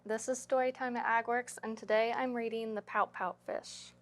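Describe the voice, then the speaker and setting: A woman hosts a children's storytime, reading a rhyming picture book aloud. Her voice sits high, and she keeps the verses bouncing along in a sing-song rhythm. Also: level tone, normal speed. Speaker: storytime reader.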